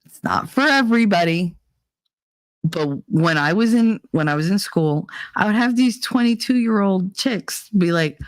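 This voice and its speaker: A woman's voice: medium pitch, lively intonation, a little slow, dry recording. A woman hosting a casual podcast, ranting bluntly and swearing freely with exasperation. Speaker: podcast host. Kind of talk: casual rant.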